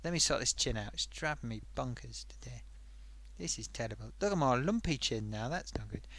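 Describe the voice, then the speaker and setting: A man's voice: medium pitch, lively intonation, fairly quick, a bit bright. A man voicing a chatty talking sock puppet who hosts a live stream. He rambles, reads out viewer comments and hums to himself while he reads.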